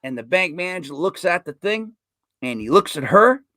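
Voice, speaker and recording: A man's voice: sits high, normal speed, no room sound. A man hosting a casual sports podcast, rambling through stories and telling a long joke. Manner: rambling storyteller, animated with joke voices. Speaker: podcast host.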